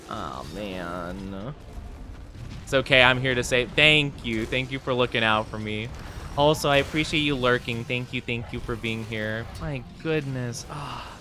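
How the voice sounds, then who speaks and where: A young man chatting casually on a game live stream, playful and jokey, with bursts of mock self-pity and quick laughs. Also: medium pitch, lively intonation, pushed and bright, a little hiss or hum.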